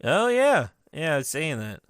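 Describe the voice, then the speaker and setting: A man's voice: a little high, wildly swooping pitch, normal speed, clean tone, no echo, studio quality. A man in his thirties co-hosting a podcast, recapping episodes in a laughing, enthusiastic casual chat. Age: 30s. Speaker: podcast co-host.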